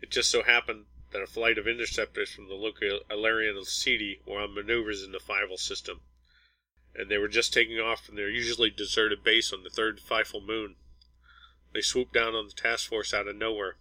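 A man narrating a science fiction audiobook in an even, measured reading. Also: fairly low pitch, dry recording, rough recording. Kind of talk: scripted narration.

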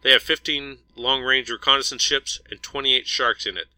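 A man's voice: mid-range voice, fairly even intonation, normal speed, bright, forceful tone, dry recording, low-quality recording. A man voicing a male pilot who reports in a plain, factual way. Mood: matter-of-fact. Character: matter-of-fact male pilot.

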